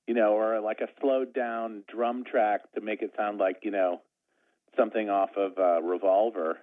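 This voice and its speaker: A man's voice: lowish voice, steady tone, moderate pace. A man talking as an interview guest in a rambling, self-deprecating way, full of restarts. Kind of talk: casual conversation. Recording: tinny phone line.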